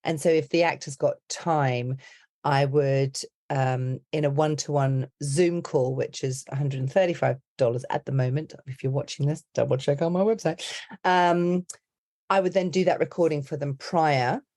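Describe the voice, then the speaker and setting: A middle-aged woman who works as an accent and dialect coach describes her methods in a chatty, rambling podcast interview, leaning heavily on "you know, like." Her voice is low and somewhat dark, with a steady tone and a normal speaking speed.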